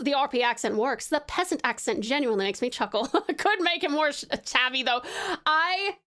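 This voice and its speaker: Aussie girl streaming, super lively sing-song voice, giggles a lot and rambles to chat. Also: high-pitched, normal speed. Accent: Australian. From Tasmania, Australia. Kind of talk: casual live-stream chat.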